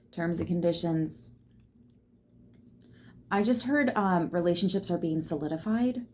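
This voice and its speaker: Low-voiced woman giving a casual tarot reading. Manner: loose and chatty, swears freely, lots of fillers; reassuring, speaks straight to the listener. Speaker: tarot reader.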